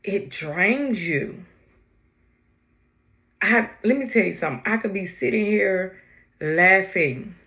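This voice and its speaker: A grieving woman hosting her own podcast, talking in a halting, heartfelt way with many pauses and restarts. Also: medium pitch, lively intonation, pushed and bright. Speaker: podcast host. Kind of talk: personal podcast monologue.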